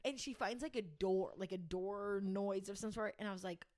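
A young woman co-hosts a casual podcast chat, telling a story with lots of laughter. She acts out what people said in little voices. Her pitch sits in the middle range. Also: normal speed. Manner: animated storyteller, laughs often, acts out quotes. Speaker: podcast co-host.

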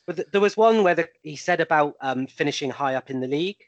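A man's voice: fairly high pitch, lively intonation, quick pace, no room sound, highs cut off. Man telling stories, dry sound. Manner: storytelling, full of ums. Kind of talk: casual anecdote telling.

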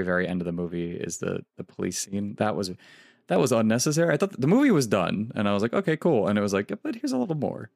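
Low-voiced man hosting a movie podcast. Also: vocal fry, no echo, studio quality. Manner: halting, many restarts and fillers. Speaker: podcast co-host. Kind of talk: casual movie review chat.

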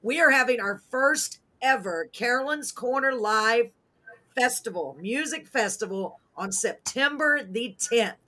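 Excitable woman hosting a show. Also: a little high, measured pace. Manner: excitable, goofy, rambling with self-corrections. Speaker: host of a live radio and web talk show. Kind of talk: casual live show chat.

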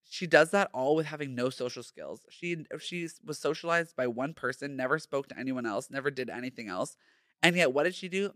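A man's voice: medium pitch, a bit bright, no echo, clean studio sound. A young man hosting a casual solo podcast, sassy and playful, full of slang. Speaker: podcast host.

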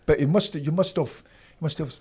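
A Scottish man in his fifties, a former footballer, telling lively anecdotes in a casual interview and acting out the people he quotes. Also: fairly high pitch, fairly quick, slightly rough. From Scotland. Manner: animated anecdotes, acts out quoted voices.

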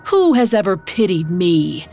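A woman's voice: lowish voice, big pitch swings, unhurried, vocal fry, dark tone, faint music behind, full character voice. A woman voicing the bitter spirit of a dead girl, a dybbuk, with a scornful, weary manner.

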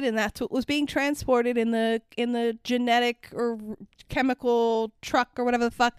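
Woman, young adult, podcast co-host, sarcastic, animated, smooth clear voice. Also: a little high, normal speed, dry recording, studio quality. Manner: animated, sarcastic, swears freely, acts out quotes. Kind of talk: casual movie review chat.

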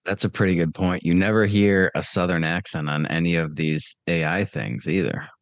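A man's voice: deep voice, normal speed, dry recording. A man hosting a podcast, chatting casually in a rambling, profane and teasing way. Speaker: podcast host. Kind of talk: casual chat.

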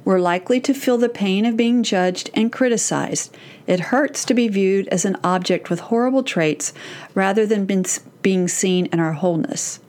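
A woman's voice: medium pitch, normal speed. Middle-aged woman hosting a parenting podcast. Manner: warm, direct and encouraging, addressing mothers. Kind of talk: solo podcast monologue.

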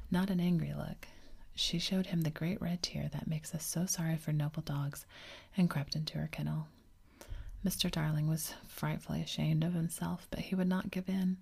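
Woman whispering a bedtime story, low and gravelly. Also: a little mellow. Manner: whispered throughout.

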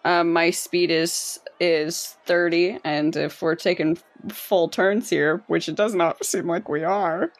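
A woman's voice: on the low side, steady tone, slow pace, few pauses, no room sound. A woman playing in a tabletop game, hesitant and restarting often. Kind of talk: casual gaming chat.

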